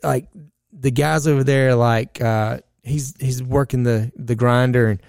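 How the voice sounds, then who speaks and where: A man's voice: mid-range voice, fairly even intonation, unhurried, creaky, darkish tone, no echo, studio quality. A man telling a rambling, profane story in casual chat, full of fillers and asides.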